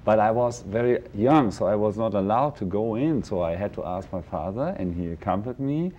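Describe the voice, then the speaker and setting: A man's voice: on the low side, lively intonation, a little fast, dark tone, dull audio. A man with a German accent, a pianist guest on a morning show, earnestly telling how he got into music. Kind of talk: live TV interview.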